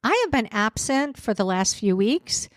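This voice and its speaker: A woman's voice: fairly high pitch, animated, unhurried, no room sound, studio quality. A woman hosting her own coaching podcast, speaking in an encouraging tone and asking rhetorical questions while getting over a cold. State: recovering from a cold. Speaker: podcast host and life coach. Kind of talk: solo podcast talk.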